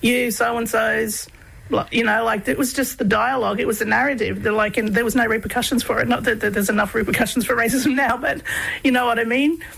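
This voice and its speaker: A woman with a fairly high voice that has a gravelly, husky edge. She talks loosely in an interview, with lots of "um"s and "you know"s. She laughs easily between thoughts. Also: steady tone, brisk, fairly bright tone, low-quality recording. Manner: rambling, filler-heavy, laughs often. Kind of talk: casual storytelling interview.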